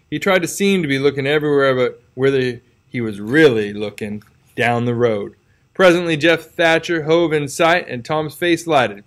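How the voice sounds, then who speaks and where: A man narrating a classic novel as an audiobook, telling it expressively and dropping low for tense moments.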